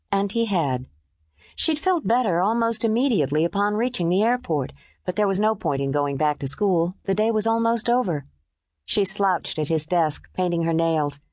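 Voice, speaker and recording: Female audiobook narrator, lower pitch, lively inflection, dry close mic. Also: no echo. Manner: measured and expressive. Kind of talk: scripted narration.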